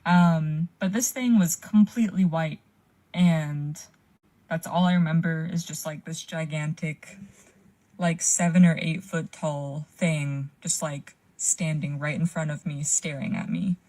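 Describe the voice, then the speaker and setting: Unhurried and mellow, a young woman with a low voice calls in to tell a scary personal story. She speaks casually, using "like" frequently and swearing along the way.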